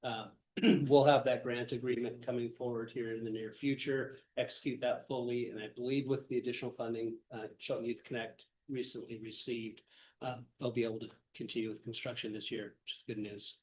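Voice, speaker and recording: A man's voice: medium pitch, flat delivery, darkish tone, a little hiss or hum, rough recording. A man giving a city manager's report at a council meeting, nasal from a cold and full of fillers. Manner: halting, many fillers. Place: city council meeting over video call.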